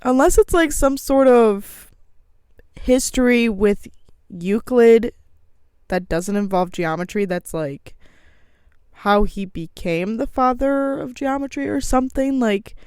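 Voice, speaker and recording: Slow-talking woman, smooth dry voice. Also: on the high side, darkish tone, no room sound. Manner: rambling, many fillers and restarts. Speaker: podcast co-host. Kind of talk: casual chat.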